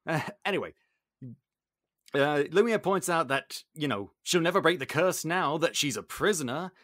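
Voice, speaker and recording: A British man hosting a podcast in casual chat, excitable and sarcastic. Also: fairly high pitch, moderate pace, no echo, studio quality. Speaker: podcast host.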